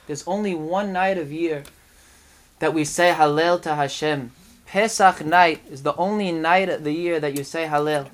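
Man preaching, high voice, rhetorical questions, emphatic storytelling. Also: moderate pace. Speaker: rabbi giving a talk. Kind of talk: sermon.

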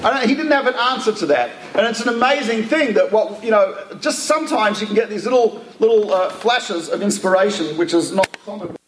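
A man with an Australian accent, a rabbi telling anecdotes in a lively religious talk, often restarting his sentences. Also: high-pitched, brisk, few pauses, roomy sound, a little hiss or hum. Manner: animated anecdotal storytelling with restarts.

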